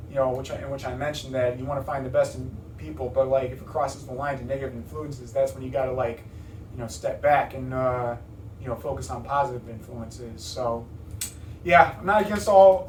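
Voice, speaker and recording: A man's voice: medium pitch, slight background noise. A young man in an interview, talking casually and rambling with many fillers and restarts. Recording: roomy, distant mic.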